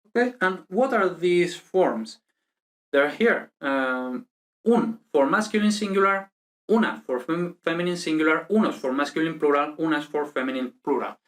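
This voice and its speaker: A teacher giving a beginner language lesson, who often checks in with "okay?" and "no?" and repeats words slowly for pronunciation. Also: medium pitch. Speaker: Spanish teacher.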